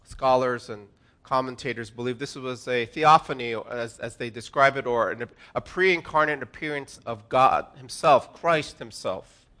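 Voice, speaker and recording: A man preaching a sermon as pastor, with an earnest delivery that swings between hushed and emphatic. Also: medium pitch, measured pace.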